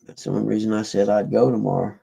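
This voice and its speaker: Gravelly, low-voiced man rambling on stream. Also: flat delivery, fast talker, warm tone, poor audio. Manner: meandering, folksy, trails off and restarts. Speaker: livestream host. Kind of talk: rambling casual chat to viewers.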